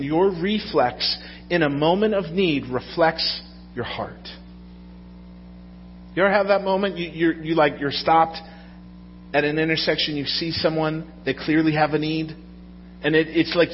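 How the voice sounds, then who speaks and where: A pastor preaches to his congregation conversationally, frequently putting questions to the audience. His voice is a little high, with slight background noise, and the sound is dull with a long hall reverb.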